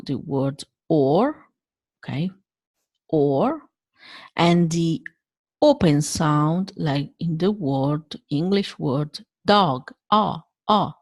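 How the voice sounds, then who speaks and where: A woman with an Italian accent teaching pronunciation, saying vowels slowly and carefully to demonstrate each sound. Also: deep voice, no room sound. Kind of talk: language lesson.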